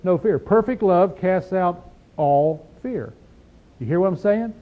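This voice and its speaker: A man with a drawl leads an informal Bible study, drawing out each verse before he unpacks it in plain, emphatic talk. His voice sits a little high for a man. It comes through a thin, phone-like old tape recording. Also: animated. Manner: folksy, emphatic, reads verses slowly then explains. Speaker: Bible teacher.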